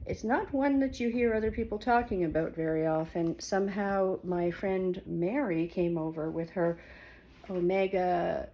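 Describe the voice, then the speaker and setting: A woman's voice: fairly low pitch, a little slow, dark tone, slight background noise. A woman casually talking through her home kitchen in a rambling, hesitant vlog, with many fillers and restarts. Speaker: vlogger.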